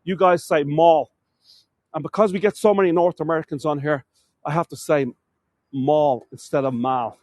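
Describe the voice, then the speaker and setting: This Irish guide speaks fast in a slightly high voice as he walks city streets narrating a live tour. He calls viewers "folks," stumbles over words and corrects himself often, with no echo on the recording.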